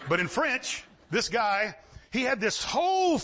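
A man preaching a sermon, swinging between shouted lines and low asides. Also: wildly swooping pitch, a little slow.

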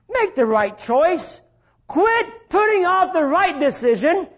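High-voiced preacher, shouting then hushed. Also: male voice, lively intonation, unhurried, muffled recording. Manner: swings from shouting to hushed low delivery. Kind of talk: sermon.

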